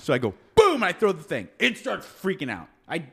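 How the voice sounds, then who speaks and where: A man telling a story in casual chat, animated and acting out the people he quotes. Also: on the high side, fairly quick, gravelly, slightly rough. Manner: animated, acts out quoted people, laughs often. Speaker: podcast co-host telling a story.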